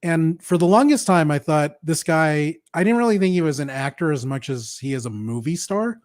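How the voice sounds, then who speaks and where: A man hosting a casual film review chat, opinionated and quick to laugh. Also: fairly high pitch, animated, darkish tone, no room sound, clean studio sound. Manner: laughs often, opinionated and chatty. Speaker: podcast host.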